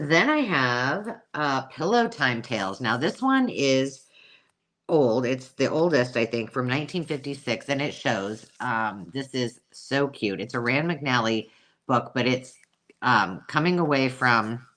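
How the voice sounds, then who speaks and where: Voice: mid-range voice, pushed and bright. A host chatting casually through a live sale, self-mocking and cooing over old pictures. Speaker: host selling vintage books.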